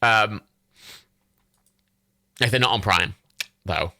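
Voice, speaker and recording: A man's voice: lowish voice, takes it slowly, pushed and bright, no echo, clean studio sound. A young man in his twenties from Ireland, hosting a livestream and chatting casually and enthusiastically about films, with lots of fillers and swearing. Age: 20s. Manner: rambling, enthusiastic, swears freely, many fillers. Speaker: livestream host. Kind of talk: casual chat while browsing films.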